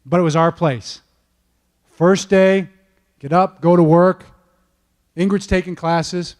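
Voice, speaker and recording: High-voiced man telling a lively coaching story. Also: slow. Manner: animated, punctuates points with "okay?" and "all right?". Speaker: football coach giving a keynote talk. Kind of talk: motivational storytelling talk. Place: event stage before an audience.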